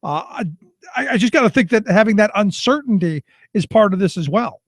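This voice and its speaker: A male talk-radio host with a notably high voice chats with a guest in an easygoing, sympathetic manner. He is recorded close and dry in a studio. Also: expressive, brisk, dry recording. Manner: conversational, sympathetic, with filler restarts. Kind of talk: radio talk show interview.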